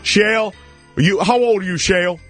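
A man's voice: high voice, moderate pace, fairly bright tone, soft background music. A man playing a crude, hillbilly Santa Claus on a radio call-in, using broken grammar and talking about himself in the third person. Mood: joking. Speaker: comedy character on a radio call-in.

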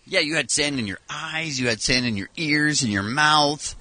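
A man's voice: on the high side, normal speed, bright, forceful tone, no room sound. A man telling long, wry, rambling stories in a casual radio chat from a studio. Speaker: radio show regular.

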